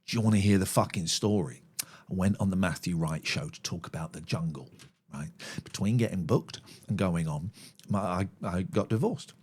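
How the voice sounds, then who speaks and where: A middle-aged man, hosting a live phone-in show, blunt and sweary, given to loud angry rants. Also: deep voice, moderate pace, breathy edge. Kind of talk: live-streamed phone-in talk.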